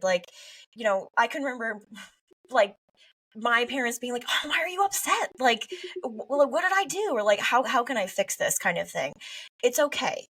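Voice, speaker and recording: A woman's voice: a little high, recorded from a distance. A young woman, a family therapist, talking expressively in a podcast interview and acting out parents and teens. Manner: expressive, animated, acts out quoted parents and teens.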